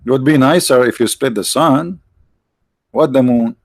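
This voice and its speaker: A livestream host with a medium-pitched voice delivers mocking, sarcastic commentary on a religious debate in broken English. He speaks at a moderate pace, and the recording is dry.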